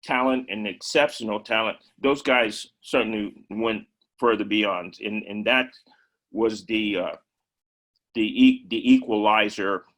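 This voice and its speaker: An older man, a former ballplayer and coach, speaking in a conversational interview, rambling and repeating words, now and then clearing his throat. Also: lowish voice, measured pace, a bit bright, poor audio. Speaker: former major league player and coach.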